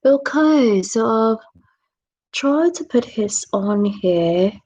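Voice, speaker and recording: A woman vlogger in a relaxed self-care chat, talking softly and drawing out her words, often dropping into a whisper. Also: on the high side, rough recording. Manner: slow, drawn-out, soft, drifting into whispers.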